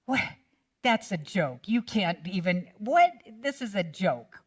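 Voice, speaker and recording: A woman voicing a huge male warrior who taunts loudly, putting on a mocking tone while telling a Bible story in a sermon. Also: on the low side, very animated, slow pace. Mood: scornful. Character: taunting giant male warrior, loud bully.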